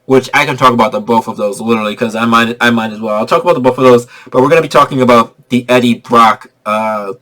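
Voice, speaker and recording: A young man giving an excitable, slangy spoiler review of a movie, repeating himself for emphasis. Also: medium pitch, fast talker, few pauses.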